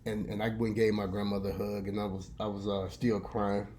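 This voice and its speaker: Man vlogger, mellow voice, folksy preachy storyteller. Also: lowish voice, little pitch movement, fairly quick. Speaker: vlogger and radio host. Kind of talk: casual storytelling monologue.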